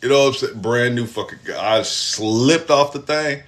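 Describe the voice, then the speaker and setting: A young man, telling a personal story in casual, profane, animated style. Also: mid-range voice, normal speed. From Texas, US. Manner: animated, profane storytelling with acted-out quotes and laughs.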